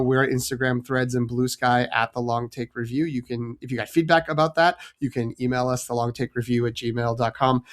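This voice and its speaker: A man at a medium pitch co-hosting a casual film podcast. He is chatty and self-deprecating, and often stumbles and restarts mid-sentence. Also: smooth. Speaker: podcast co-host. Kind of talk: casual chat.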